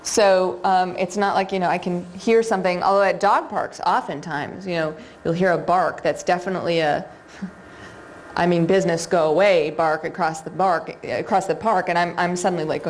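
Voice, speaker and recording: A woman's voice: fairly low pitch, moderate pace, a little hiss or hum. Woman lecturing a seminar audience. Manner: conversational, addresses audience, many fillers. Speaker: seminar instructor on dog behavior.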